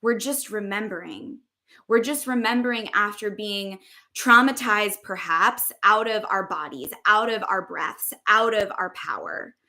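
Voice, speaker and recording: Woman host, young adult, bright voice, casual spiritual teaching, relaxed with lots of "um" and "like". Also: medium pitch. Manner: unhurried, loose, with frequent fillers. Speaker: podcast host and embodiment teacher.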